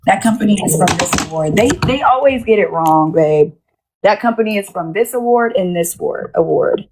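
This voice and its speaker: A woman's voice: lowish voice, lively intonation, moderate pace, noisy background. Blunt, profane woman livestreaming. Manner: blunt, profane, repeats herself. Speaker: livestream host. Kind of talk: casual livestream chat.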